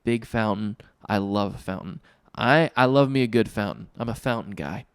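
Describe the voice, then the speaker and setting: A lower-pitched man chatting through a solo review on his podcast. He is upbeat and enthusiastic, with loose, joking asides. The sound is close and dry, with no room echo. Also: normal speed, smooth. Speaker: podcast host. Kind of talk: casual solo review talk.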